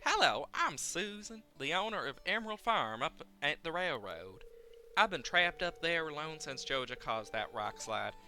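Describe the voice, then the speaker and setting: A woman's voice: deep voice, big pitch swings, moderate pace, sharp tone, soft background music, voice pushed up, exaggerated voice. A man voicing a friendly, lonely farm woman from a farming game, reading her lines in a raised, welcoming tone.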